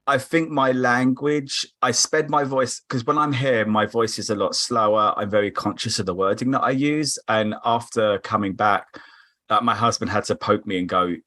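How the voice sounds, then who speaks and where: A man's voice: mid-range voice, steady tone, pushed and bright. Chatty Croydon man. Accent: South London (Croydon). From England. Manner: chatty, quick, laughs easily. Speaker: podcast guest. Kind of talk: casual chat over a remote call.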